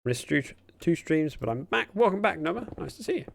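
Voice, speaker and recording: A male livestreamer chats casually with viewers during a gaming stream, rambling on from a room at home by a window. His fairly high, creaky voice moves quickly and swings up and down a lot in pitch.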